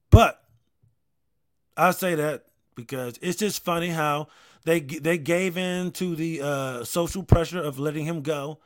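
A man in his thirties hosting a casual talk show, rambling with many restarts and frequent swearing. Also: sits high. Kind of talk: casual chat.

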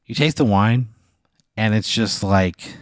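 A man's voice: on the low side, slow, no room sound, clean studio sound. A man hosting a casual podcast, telling a long, rambling hypothetical full of "like" and casual swearing. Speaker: podcast host. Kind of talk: casual storytelling chat.

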